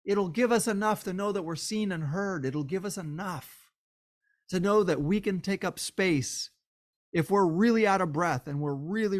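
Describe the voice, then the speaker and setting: A man hosting a solo podcast, tired and worn down, talking with passion and repeating phrases for emphasis. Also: fairly high pitch. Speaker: podcast host.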